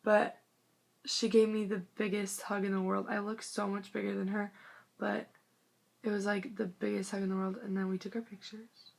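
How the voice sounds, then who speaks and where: A woman's voice: medium pitch, flat delivery, moderate pace, vocal fry. A young woman vlogging into her phone, telling a story in a gushing, rambling way, full of "like" and sometimes dropping to a whisper. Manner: gushing, rambling, fillers of "like", drops to a whisper at times. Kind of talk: excited casual storytelling to camera.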